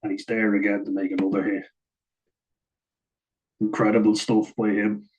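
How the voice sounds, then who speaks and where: A man's voice: lowish voice, level tone, moderate pace, a little mellow, poor audio. A man giving a chatty, casual voice-over breakdown of rugby footage, often saying "like" and chuckling at his own asides. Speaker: rugby match analyst.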